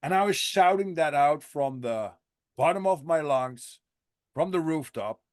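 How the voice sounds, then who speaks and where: A man hosting a podcast, talking in a rambling, halting way with lots of restarts in a casual interview. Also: on the high side, animated, darkish tone, no echo, studio quality. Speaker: podcast host.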